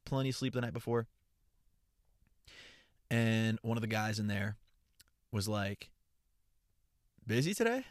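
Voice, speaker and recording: A man's voice: lowish voice, no echo. Young guy podcasting from his car, hyped and swearing, keeps restarting sentences, dry close sound. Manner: energetic, profane, rambling with frequent restarts. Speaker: podcast host and content creator. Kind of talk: casual solo podcast chat. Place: parked car.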